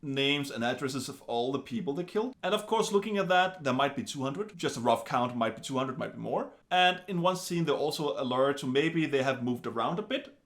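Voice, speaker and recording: Animated man chatting about a film. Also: mid-range voice, brisk, few pauses. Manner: animated, wry, chatty asides. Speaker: film reviewer. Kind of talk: casual film review monologue.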